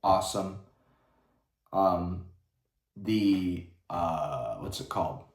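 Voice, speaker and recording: A man's voice: low-pitched, drawn-out words. A man giving a casual livestream rant in a blunt, profane, rambling way. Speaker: vlogger. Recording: roomy echo.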